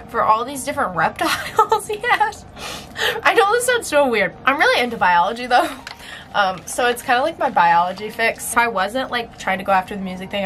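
A woman's voice: a little high, fairly bright tone, a little hiss or hum, low-quality recording. Chatty young woman vlogging. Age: young adult. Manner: chatty, lots of filler words and laughs. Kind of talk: casual chat.

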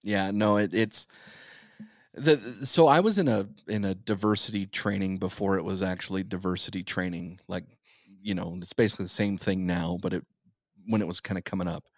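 A man's voice: low-pitched, fairly quick, dry recording, studio quality. A man co-hosting a podcast, giving thoughtful, opinionated explanations in casual chat. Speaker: podcast co-host.

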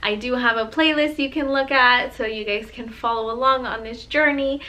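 A young, heavily pregnant woman chats to her viewers in a casual home vlog, gushing and emotional, close to tears. Her voice is on the high side, bright and forceful at a moderate pace, though the audio is poor.

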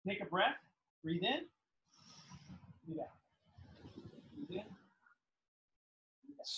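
Male fitness instructor, high bright voice, upbeat encouraging cues, counting down reps. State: slightly out of breath while exercising. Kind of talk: live workout coaching.

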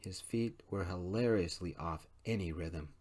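A man reads an audiobook in a hushed, soft-spoken ASMR manner. His voice sits fairly low and stays gentle throughout. The delivery is calm, quiet first-person narration. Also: unhurried.

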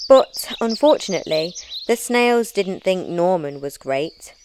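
A woman reading a children's picture book aloud in a slow, expressive storybook way. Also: lowish voice, background noise.

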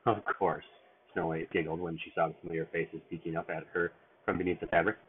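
A man's voice: low voice, flat delivery, fast, slight background noise. A man reading a storybook aloud at bedtime in a sing-song read-aloud manner, with small stumbles, over a tinny phone-like line.

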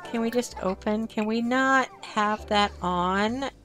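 Woman streamer, chatty gameplay commentary, higher voice, slow easy delivery. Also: fairly bright tone. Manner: chatty, talks to game characters and chat.

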